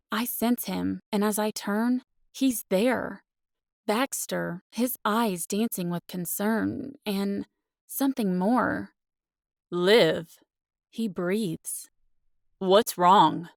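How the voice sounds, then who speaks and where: A woman narrating a first-person romance audiobook with expressive, earnest storytelling. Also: medium pitch, slow, vocal fry, no room sound, clean studio sound.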